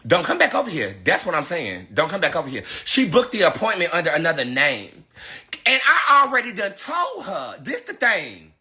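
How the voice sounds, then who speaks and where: Woman tarot reader, blunt livestream rant, lively swooping pitch, bright tone. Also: moderate pace. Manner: blunt, cussing, emphatic.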